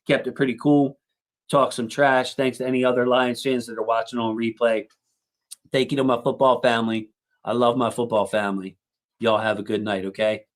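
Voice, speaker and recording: A man's voice: medium pitch, flat delivery, normal speed. A man in his thirties hosting a casual sports livestream, rambling through thanks to his chat with lots of fillers.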